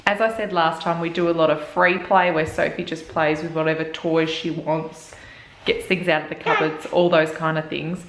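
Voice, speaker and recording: A young Australian woman narrating a home parenting vlog in a soft, hushed voice. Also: low-pitched, little pitch movement, moderate pace, background noise. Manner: soft, hushed voice, keeping quiet for someone asleep. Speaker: parenting vlogger. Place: family home. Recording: roomy and distant with music behind.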